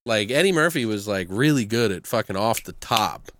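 A man's voice: lowish voice, animated, moderate pace, a bit bright. A man co-hosting a movie podcast, talking casually and joking, swearing freely as he riffs. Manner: laid-back, swears freely, jokes and riffs. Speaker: podcast co-host reviewing movies. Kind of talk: casual chat.

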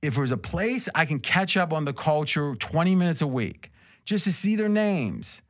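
A man's voice: fairly high pitch, lively intonation, normal speed, no echo, studio quality. A man hosting a casual chat show, rambling and joking as he tells stories. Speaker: host.

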